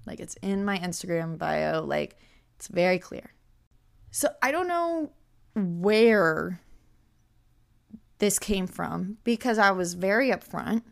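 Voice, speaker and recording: Young woman, podcast host, casual storytelling, animated, incredulous, filler-heavy. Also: fairly low pitch, slow, creaky, pauses often.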